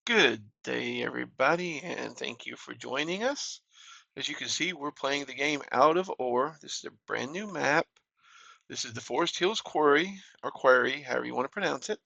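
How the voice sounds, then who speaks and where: A man hosting a gaming channel, talking through a mining game in a relaxed, plain-spoken way at a desk mic. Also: medium pitch, normal speed, vocal fry, no room sound, highs cut off. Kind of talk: casual game commentary.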